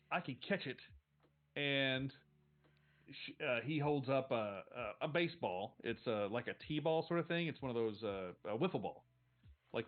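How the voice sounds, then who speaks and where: A man narrating as game master of a tabletop game, relaxed and rambling. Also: mid-range voice, narrow, tinny audio.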